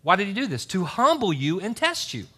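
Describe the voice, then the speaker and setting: Male pastor preaching a church sermon; bright, high, very lively voice with scripture readings and asides. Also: brisk, breathy edge. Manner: animated preaching, reads scripture aloud with asides. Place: church service.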